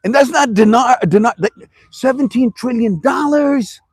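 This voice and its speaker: This Toledo, Ohio man vlogs about currency to camera, rambling animatedly, sometimes shouting for emphasis, and talking to himself in two voices. His voice is extremely high with a breathy edge, at a moderate pace, in a dry recording.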